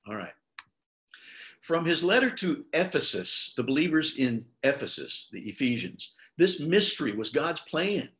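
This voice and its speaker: A man's voice: a little high, unhurried. A middle-aged male pastor giving a sermon, talking conversationally and acting out the people he quotes. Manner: conversational preaching with lively quoted voices.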